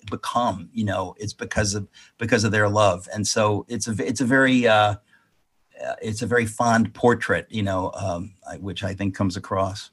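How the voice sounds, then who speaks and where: A husky-voiced man recounts a family memory as an interview guest. He rambles and often restarts his sentences as he goes. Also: lowish voice, a bit bright. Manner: rambling, self-correcting anecdotes. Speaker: author guest. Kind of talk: storytelling in an interview.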